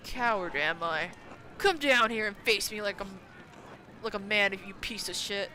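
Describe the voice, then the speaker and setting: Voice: medium pitch, a little slow, sharp tone, slight background noise. A streamer reading a cruel domineering village patriarch. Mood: defiant. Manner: scornful, threatening. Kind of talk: reading game dialogue aloud on stream.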